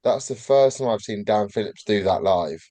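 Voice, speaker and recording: A man's voice: on the low side, normal speed, warm tone, dry recording. Blunt, teasing man, dry sound. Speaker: podcast co-host. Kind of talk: casual football podcast chat.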